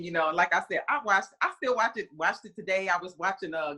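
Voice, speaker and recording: A woman's voice: medium pitch, fast, hardly any pauses, breathy edge. A woman in her forties, a player's mother, telling a story in a casual interview, rambling with lots of "you know" and acting out the conversations she recounts. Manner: animated, re-enacts conversations in quoted voices.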